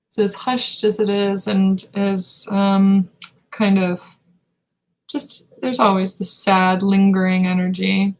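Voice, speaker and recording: A woman giving a live spiritual reading, speaking slowly and meditatively, halting often with pauses and fillers. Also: mid-range voice, flat delivery, poor audio. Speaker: intuitive reader.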